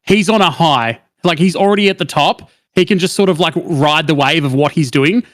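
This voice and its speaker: A man's voice: on the high side, brisk, dry recording, clean studio sound. A man in casual chat making his argument in an opinionated way, swearing heavily.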